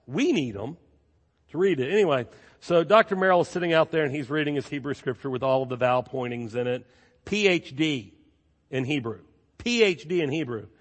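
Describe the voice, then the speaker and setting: A man preaching a sermon as pastor, telling stories in a lively way and repeating phrases for emphasis. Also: on the high side. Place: church sanctuary. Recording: long reverb of a large church.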